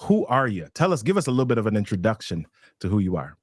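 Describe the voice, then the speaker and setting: A man's voice: on the low side, fast, dry recording, clean studio sound. Hyped-up male live-stream host. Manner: energetic, excitable, reading out chat names.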